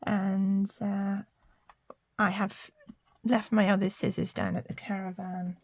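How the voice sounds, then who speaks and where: An older woman with a husky, lightly gravelly voice talks her viewers through a card-making project. She chats casually and murmurs asides as she works, and the sound is close and dry, with no room echo. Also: medium pitch, level tone, takes it slowly, darkish tone. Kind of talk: casual craft tutorial.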